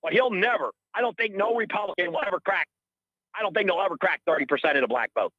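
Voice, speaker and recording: A man's voice: high-pitched, expressive, fast talker, dry recording, lo-fi sound. A middle-aged man calling in to a radio show, ranting in a heated, rambling, indignant way and repeating himself. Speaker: caller. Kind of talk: heated call-in rant.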